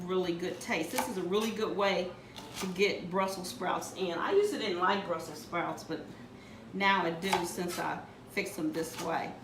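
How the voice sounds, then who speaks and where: Woman, home-cook tutorial host, plain homey instructions; roomy distant camera sound with steady background noise. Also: medium pitch. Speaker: home cook demonstrating a recipe. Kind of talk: casual cooking tutorial. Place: home kitchen. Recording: echoey kitchen from a distant mic with background noise.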